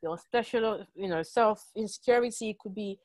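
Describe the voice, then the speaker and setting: A woman's voice: mid-range voice, moderate pace, no echo. Woman, French-tinged accent, podcast guest, reflective casual chat, dry close sound. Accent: French-influenced. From Ivory Coast. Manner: reflective, many fillers and restarts. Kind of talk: casual conversation.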